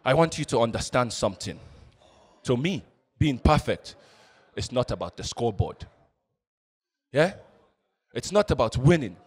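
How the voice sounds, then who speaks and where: A man's voice: mid-range voice, animated, husky. A man putting on a solemn African-accented coach. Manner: slow, solemn pep-talk delivery. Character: grown man as a motivational football coach.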